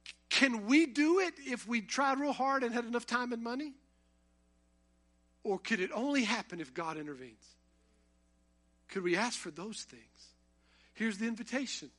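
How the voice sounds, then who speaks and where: A man preaches a sermon in a high, bright, forceful voice. He talks to the congregation conversationally and builds to impassioned emphasis. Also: animated, a little slow, pauses often.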